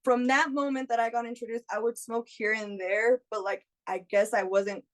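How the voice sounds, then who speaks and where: A woman in her thirties telling a lively personal story in casual chat, laughing often and acting out what her friends said. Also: fairly high pitch, moderate pace. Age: 30s. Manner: animated, laughs often, acts out friends' lines. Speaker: guest.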